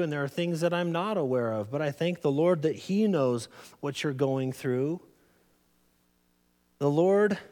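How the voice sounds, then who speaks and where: Pastor guy preaching real slow and earnest, keeps saying beloved, big church echo. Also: on the high side, darkish tone. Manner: addresses listeners as beloved. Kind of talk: sermon.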